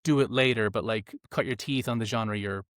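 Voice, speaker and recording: A man's voice: fairly low pitch, a little fast, no room sound. Self-deprecating narrator man, dry sound. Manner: self-deprecating, animated storyteller. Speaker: audiobook narrator. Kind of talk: casual long-form conversation.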